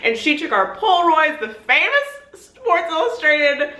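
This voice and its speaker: A young woman vlogger telling an excited story in casual chat, peppering her talk with "like". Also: high-pitched, a little slow, echoey room. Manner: gushing, excitable, heavy on "like". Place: hotel room.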